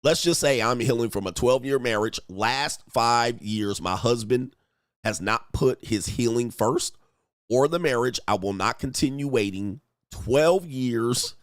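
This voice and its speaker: A man hosting a relationship reaction show, talking in animated, slangy casual commentary and mocking others in put-on voices. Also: medium pitch, unhurried, no room sound, clean studio sound.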